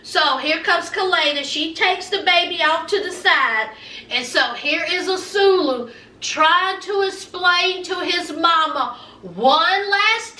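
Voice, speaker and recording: In an echoey room and well away from her microphone, a woman recaps a TV show, laughing, sassy, and calling viewers "honey." Her voice is very high-pitched, pushed and bright.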